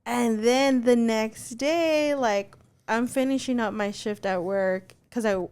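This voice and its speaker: A woman's voice: a little high, slow pace, clear, resonant tone. Upbeat young woman telling a story. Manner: animated storytelling, filler-heavy, swears freely. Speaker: podcast co-host. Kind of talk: casual chat.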